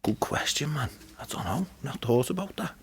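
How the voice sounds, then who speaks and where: A man's voice: medium pitch, sing-song, normal speed, husky. A man with a Liverpool Scouse accent, talking casually as a podcast guest, laid-back and often trailing off. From Liverpool, England. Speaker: podcast guest, spoken word performer. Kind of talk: casual chat. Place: recording studio.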